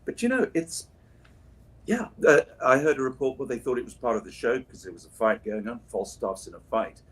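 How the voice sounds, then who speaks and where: A man's voice: medium pitch, animated, a little fast, fairly bright tone, husky. A voice actor chatting casually on a livestream while signing prints, drifting through anecdotes and restarting his sentences. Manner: rambling, anecdotal, many restarts and asides.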